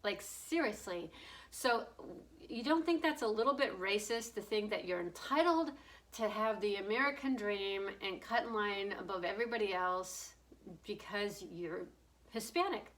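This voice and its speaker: A woman's voice: medium pitch, normal speed, a bit bright, low-quality recording. Blunt, rambling middle-aged woman. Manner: blunt, rambling, swearing, laughing often. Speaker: political commentator. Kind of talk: casual opinion monologue.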